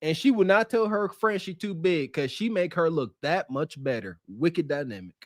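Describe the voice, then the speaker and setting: A man co-hosting a podcast, reacting to street interview clips with animated, laughing, mocking commentary. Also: fairly high pitch, normal speed, no room sound, clean studio sound. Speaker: podcast co-host.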